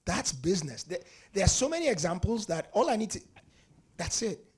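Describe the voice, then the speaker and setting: Animated husky man on a panel. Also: sits high, brisk. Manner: animated, storytelling, laughs often. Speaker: panelist, entrepreneur. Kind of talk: panel discussion answer.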